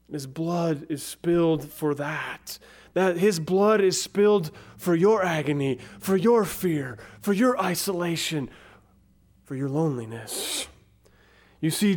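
A man preaching a sermon, slow and dramatic, his voice dropping to a near whisper on key words. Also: a little high, a little mellow. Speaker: pastor.

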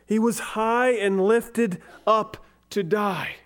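A man preaching a sermon, slow and dramatic, his voice dropping to a near whisper on key words. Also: high voice, steady tone, a bit bright. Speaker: pastor.

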